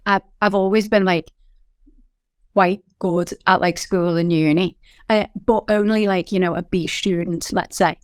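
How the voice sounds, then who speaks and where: A woman in her thirties with a Liverpool accent, a company founder telling her story in a candid interview, animated and full of fillers. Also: medium pitch, clean tone, no room sound, clean studio sound. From England.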